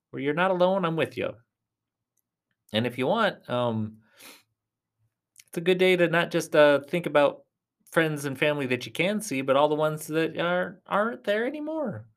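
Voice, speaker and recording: A man hosting a casual solo podcast, rambling and chatty, talking straight to his listeners in a reassuring way, often dropping to soft near-whispers. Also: a little high. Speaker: podcast host.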